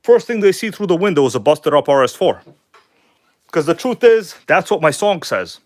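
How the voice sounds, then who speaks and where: A man's voice: on the high side, sing-song, moderate pace. A man hosting a casual hobby livestream from home, talking loosely and joking with viewers. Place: at home, kitchen table.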